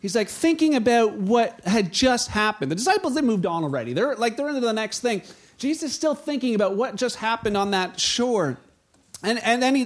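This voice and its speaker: A man with a high, light voice preaches in an easygoing, conversational way. He often restarts his sentences, drops in small jokes, and brings the Bible scene to life by acting out what the figures say. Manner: frequent restarts and fillers, light humor. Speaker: pastor. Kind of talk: sermon.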